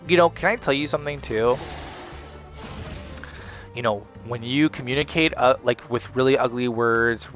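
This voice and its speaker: A man's voice: mid-range voice, a bit bright. A man giving a rambling, defiant monologue, leaning on "like" and "you know" fillers. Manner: defiant, mocking.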